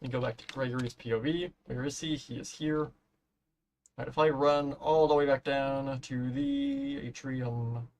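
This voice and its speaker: A man's voice: medium pitch, expressive, moderate pace, darkish tone. A man chatting casually on a live stream while building in a game, rambling, humming to himself and swearing offhand, his voice giving out.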